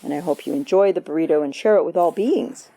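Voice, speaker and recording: Low, mellow-voiced woman giving a dharma talk. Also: fast. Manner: conversational, playful, acts out quoted voices. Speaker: meditation teacher. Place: retreat hall.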